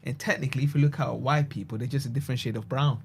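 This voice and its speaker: A man speaking in a casual group discussion, calm and reflective. His voice sits at an ordinary middle pitch, and he explains his points in steady, measured phrases. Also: creaky, breathy edge.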